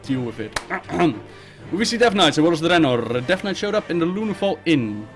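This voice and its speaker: A man hosting a live Q&A stream, reading viewer questions aloud and answering them bluntly and briskly. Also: fairly high pitch, big pitch swings, soft background music. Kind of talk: casual live-stream chat.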